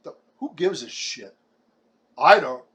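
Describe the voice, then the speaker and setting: Seventies New man, raised pitch, ranting combatively with stumbling restarts. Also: lively intonation, slow, a bit bright. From Brooklyn, New York. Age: 70s. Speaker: vlogger. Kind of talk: ranting monologue.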